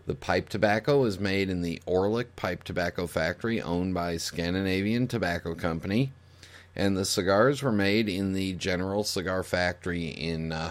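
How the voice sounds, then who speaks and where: A man speaking as a guest on a podcast, giving his opinion in a casual, explanatory way and thinking aloud with fillers and restarts. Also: low voice.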